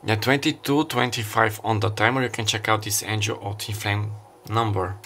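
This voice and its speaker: Low-voiced man giving a rambling tarot reading. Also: steady tone, normal speed, sharp tone, slight background noise. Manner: meandering, thinking aloud with fillers. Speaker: tarot reader. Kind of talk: casual intuitive tarot reading.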